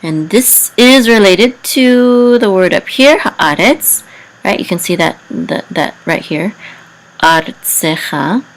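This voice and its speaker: A woman teaching biblical Hebrew reading, carefully spelling out letters and vowel sounds with frequent pauses. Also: mid-range voice, animated, low-quality recording. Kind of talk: slow explanatory lesson.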